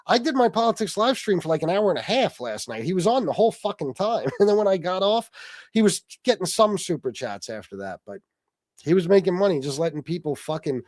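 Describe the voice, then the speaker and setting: A man hosting a loose, casual livestream, swearing freely and laughing through his own stories as he answers his chat. His voice sits a little high for a man and keeps lifting with amusement. The sound is dry and close, with no room around it. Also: big pitch swings, brisk, a little mellow, no room sound. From Sicilian heritage. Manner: profane, laughing storyteller, reads chat aloud. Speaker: livestream host.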